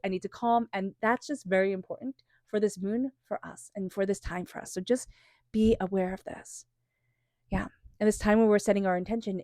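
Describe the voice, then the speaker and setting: A woman giving a tarot reading. She moves from soft, meditative invocations into casual, filler-laden chat. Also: medium pitch, dry recording, clean studio sound. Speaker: tarot reader. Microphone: small microphone.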